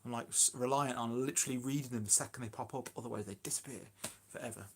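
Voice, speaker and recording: A man's voice: medium pitch, fast talker, a little hiss or hum. A man chatting casually on a phone live stream about his allotment, rambling and self-deprecating. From Shropshire, England.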